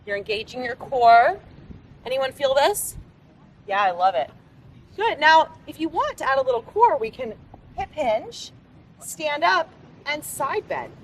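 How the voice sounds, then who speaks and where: A woman fitness instructor leads a live outdoor workout class on a beach with upbeat, encouraging cues. Her high voice is very animated, a little slow, and pauses often, recorded on a distant mic with faint background noise.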